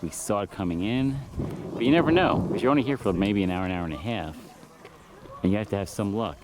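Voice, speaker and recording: A man hosting a travel vlog outdoors, talking excitedly and out of breath after a steep hike. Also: fairly low pitch, brisk. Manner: enthusiastic, exclaiming at the view. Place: outdoors on a windy hillside. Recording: loud wind noise outdoors. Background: wind.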